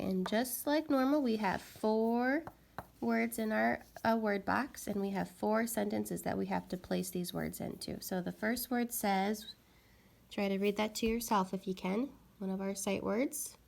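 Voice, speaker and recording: A woman with a medium-pitched, creaky voice teaches young children to read. She sounds out words slowly and encourages them with patience.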